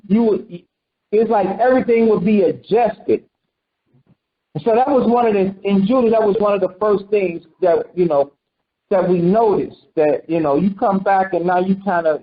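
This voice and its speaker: High-voiced man preaching conversationally. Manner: animated, quizzes listeners and acts out quotes. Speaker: preacher teaching a congregation. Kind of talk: conversational sermon teaching. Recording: dull lo-fi recording.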